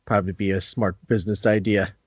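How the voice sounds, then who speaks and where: A man's voice: lowish voice, flat delivery, fast talker, a little mellow, breathy edge, no echo, muffled recording. A man hosting a casual podcast interview, talking hesitantly with frequent ums. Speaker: podcast host.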